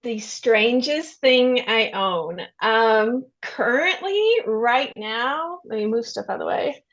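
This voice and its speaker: Guest: middle-aged woman, Kentucky drawl, high voice, unhurried, giggly, dull lo-fi call audio. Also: animated, fairly bright tone. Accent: Kentucky Southern drawl. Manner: giggly, laughs often. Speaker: guest author. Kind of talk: casual podcast chat.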